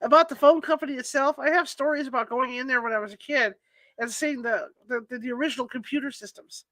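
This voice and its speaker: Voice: high-pitched, fast talker, sharp tone, no echo. A radio show host chatting casually, eagerly cutting in to reminisce. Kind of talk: casual chat.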